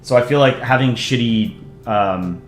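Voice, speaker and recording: A man doing casual live-stream commentary as he reviews comics, relaxed and self-deprecating, often pausing with ums. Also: mid-range voice, echoey room, faint music behind.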